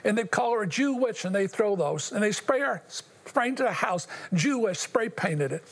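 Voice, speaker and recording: Husky-voiced older man giving testimony. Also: high-pitched, expressive. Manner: earnest, halting, with long pauses. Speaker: guest. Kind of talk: personal testimony in an interview.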